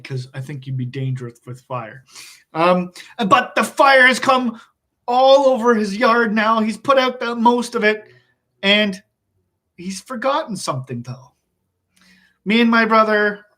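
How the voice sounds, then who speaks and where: A male teacher telling a story in a public speaking lesson, animated, often laughing and asking his listeners questions. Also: high voice.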